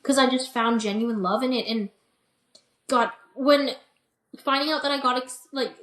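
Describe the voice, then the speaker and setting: A young adult woman, an interview guest and bikini competitor, telling her story in a chatty, animated way with lots of "like" and "you know". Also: high voice, normal speed. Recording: roomy echo.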